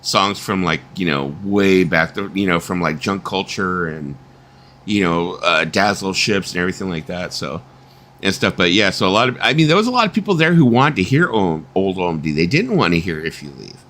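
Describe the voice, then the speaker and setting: A middle-aged man with a fairly low voice that swings up and down a lot as he talks. He hosts a loose, laughing chat full of swearing and quick impressions. Faint noise sits behind him. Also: expressive, fairly bright tone. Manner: swears freely, laughs often, imitates voices in anecdotes. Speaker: host. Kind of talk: casual live-stream chat.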